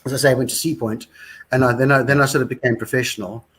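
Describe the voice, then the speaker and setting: A man's voice: medium pitch, steady tone, very fast, fairly bright tone, a little hiss or hum. A man in his sixties with a South African accent, a musician guest telling rambling, wry anecdotes in a casual interview. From Scotland, raised in South Africa.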